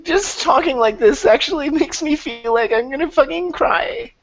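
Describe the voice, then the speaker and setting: Woman, sarcastic gusher, profane; high voice, dull webcam audio. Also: moderate pace, a little hiss or hum. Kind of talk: casual group video chat. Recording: lo-fi online call audio.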